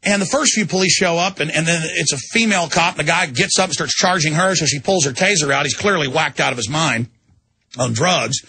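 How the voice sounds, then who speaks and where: A man's voice: a little high, fairly quick, sharp tone, husky. A man hosting a radio show, delivering an indignant ranting monologue and acting out quotes in shifting voices. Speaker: radio host.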